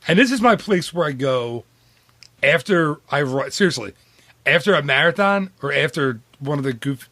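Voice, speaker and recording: A man's voice: medium pitch, fairly bright tone, dry recording. Chatty dude-saying man, dry sound. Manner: chatty, rambling, says "dude" often. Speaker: podcast co-host. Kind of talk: casual podcast chat.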